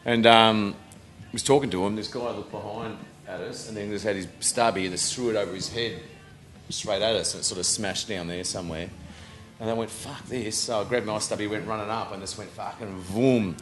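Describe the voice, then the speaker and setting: A man's voice: fairly low pitch, steady tone, fairly quick, fairly bright tone. A man in his thirties with an Australian accent, a band member rambling through anecdotes in casual chat and swearing freely. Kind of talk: casual storytelling.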